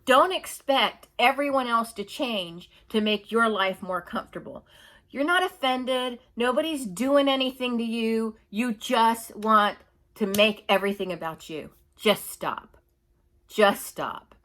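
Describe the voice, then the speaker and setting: A woman's voice: fairly high pitch, expressive, unhurried, pushed and bright. A middle-aged woman ranting indignantly in her own opinion vlog, emphatic and repetitive. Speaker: YouTuber.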